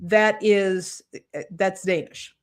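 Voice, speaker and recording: A woman's voice: mid-range voice, fairly even intonation, slow pace, soft background music. A woman from the United States speaks in a mid-range voice as a podcast co-host. Her delivery is casual and earnest, impassioned about her point, and full of restarts as she works through her thoughts aloud. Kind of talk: casual political commentary.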